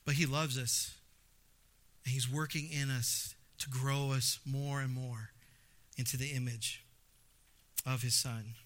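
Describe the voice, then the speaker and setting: A man's voice: medium pitch, slow, pauses often. A man in his thirties, a pastor preaching a sermon, telling stories with acted-out exclamations and stressing points by repeating phrases. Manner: animated storytelling with acted-out exclamations.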